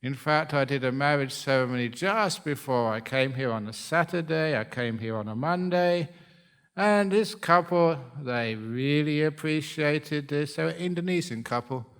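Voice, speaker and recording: A man's voice: fairly high pitch, moderate pace, fairly bright tone, clear, resonant tone. A man who is a monk giving a humorous dharma talk, joking and often laughing at his own stories.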